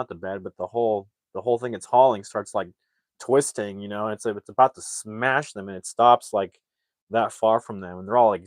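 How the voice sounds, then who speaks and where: A man's voice: fairly low pitch, no echo. A man casually retelling a movie's plot, rambling with lots of fillers and acting out the characters' lines. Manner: rambling, filler-heavy, acts out quotes. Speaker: movie reviewer.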